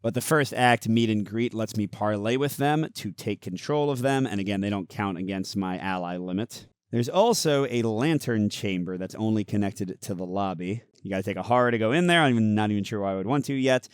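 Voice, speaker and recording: A man hosting a casual playthrough and review of a card game, explaining the rules in a relaxed way. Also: on the low side, brisk, hardly any pauses, clear, resonant tone, no room sound, studio quality. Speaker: host.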